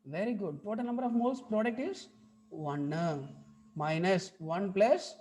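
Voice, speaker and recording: A woman's voice: mid-range voice, lively intonation, moderate pace, warm tone. A woman with an Indian English accent teaching a chemistry class online, repeating points and often checking whether students follow. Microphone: video call mic.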